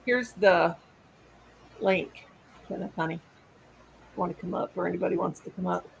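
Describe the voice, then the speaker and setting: A woman's voice: lowish voice, steady tone, moderate pace, gravelly, husky, rough recording. A woman hosting a casual live stream, rambling and trailing off mid-sentence.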